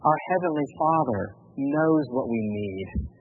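A man preaching a sermon as pastor, earnest and pleading, dropping to a hush at emotional points. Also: medium pitch, lively intonation, unhurried, phone-quality sound, slight background noise.

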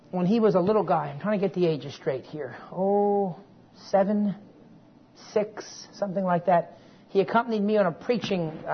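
Folksy man teaching a Bible class. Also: fairly high pitch. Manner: folksy, digressive, checks in with listeners. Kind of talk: classroom lecture with personal story. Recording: dull lo-fi recording with faint hiss.

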